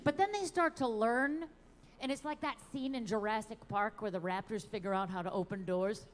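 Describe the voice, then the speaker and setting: A woman performing a wry, animated stand-up comedy set at an outdoor show. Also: fairly high pitch, moderate pace, long reverb tail, slight background noise. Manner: wry, animated delivery with sung bits.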